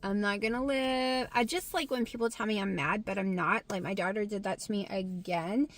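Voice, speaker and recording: A woman with a Southern American accent, talking frankly to camera in a casual vlog, getting loud and animated when excited. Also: medium pitch, normal speed. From Southern United States. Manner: frank and blunt, swears freely. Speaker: vlogger.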